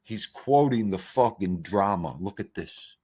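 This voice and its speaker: A man's voice: fairly low pitch, animated, unhurried, husky. A man hosting a casual livestream, joking and ranting in mock exasperation, swearing freely as he reads the chat. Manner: loud, joking banter with swearing. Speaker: livestream host.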